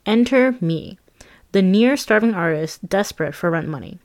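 A woman reading her own memoir aloud as an audiobook, in a conversational, lively and self-mocking way. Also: mid-range voice, normal speed.

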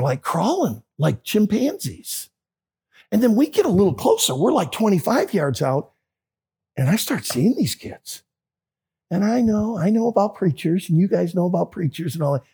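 A man's voice: fairly high pitch, creaky, a little mellow, husky. A man preaching a sermon, telling a story and acting out both sides of the conversations.

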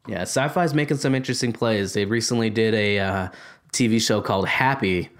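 A man hosting a film podcast in casual chat, excitable and loose, with mild swearing. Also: fairly low pitch, a little fast. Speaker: podcast host.

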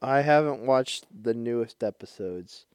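A man hosting a casual podcast chat, retelling stories in an animated, slangy way. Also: mid-range voice, measured pace. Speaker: podcast host.

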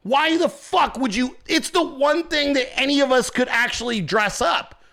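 Bright-voiced ranting man, crude and heated. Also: very high-pitched, moderate pace, creaky. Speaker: political commentator. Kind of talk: profane ranting monologue.

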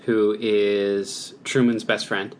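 A man's voice: fairly low pitch, little pitch movement, slow, a little hiss or hum. A man co-hosting a podcast in casual chat, agreeable and easygoing, often trailing off mid-thought. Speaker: podcast co-host.

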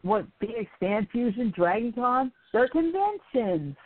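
A giggly woman reads a silly word game aloud on a casual podcast. Her voice swings lively up and down. The sound is thin and tinny, like a phone line. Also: fairly high pitch, measured pace, no room sound. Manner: giggles often while reading. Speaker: co-host.

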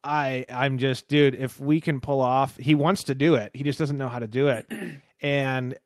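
A man hosting a podcast in casual chat, telling stories excitedly and swearing freely. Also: mid-range voice, moderate pace, dry recording, studio quality. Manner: swears a lot, excitable storytelling, does impressions. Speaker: podcast host.

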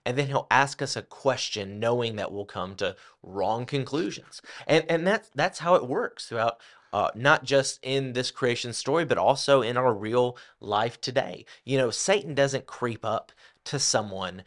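A man co-hosts a Bible teaching podcast, explaining things casually and sprinkling "like" throughout. His mid-range voice is unhurried and a bit bright.

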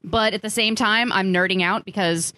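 A woman's voice: mid-range voice, moderate pace, dry recording. A woman co-hosting a podcast, chatting casually and nerding out with frequent laughter. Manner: animated, nerdy, laughs often. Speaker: podcast co-host. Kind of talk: casual chat.

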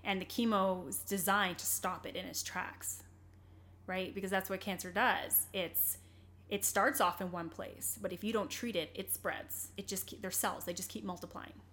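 A woman's voice: medium pitch, fairly even intonation, moderate pace, a bit bright, a little hiss or hum. Earnest young woman telling her story. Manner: earnest, rambling, with many fillers and restarts. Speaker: interview guest. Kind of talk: candid personal storytelling in conversation.

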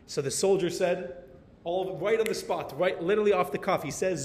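An American man telling a story in a sermon as a Torah teacher, animated and dropping in Hebrew and Yiddish words. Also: brisk. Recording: reverberant hall with faint rumble.

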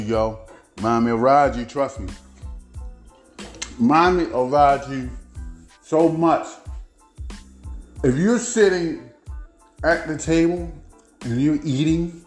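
A man hosting his own show, telling family stories in a rambling, animated way with frequent laughs. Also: on the high side, echoey room. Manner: rambling, animated, laughs often, repeats himself. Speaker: podcast host and author. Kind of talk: casual personal storytelling.

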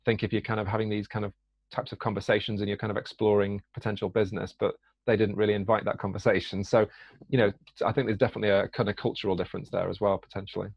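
Casting: British man, podcast guest, low gravelly voice, hesitant, dry muffled audio. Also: flat delivery, fast talker, no echo. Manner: hesitant, many fillers and restarts. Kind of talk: conversational podcast interview. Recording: dull lo-fi dry sound.

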